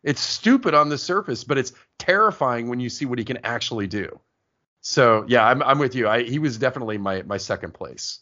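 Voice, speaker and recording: Middle-aged man hosting a casual film chat. His voice is bright and forceful, and he talks at length with lively, storytelling energy. The recording has a dull, lo-fi sound. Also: medium pitch, a little fast. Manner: talkative, animated storyteller. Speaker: podcast host. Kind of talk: casual movie discussion.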